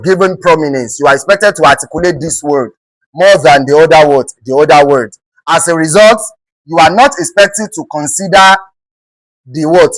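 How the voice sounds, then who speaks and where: With a Nigerian accent and a medium-pitched, slightly bright voice, a teacher prepares students for an English exam, repeatedly posing "what?" and supplying the answer. Words are spelled out letter by letter and slowly repeated. There's no echo, though the audio is poor.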